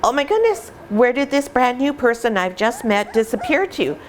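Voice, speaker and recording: A woman voicing a young puppy that is eager and anxious, speaking in a high, pleading, squeaky voice. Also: big pitch swings, normal speed, a little hiss or hum.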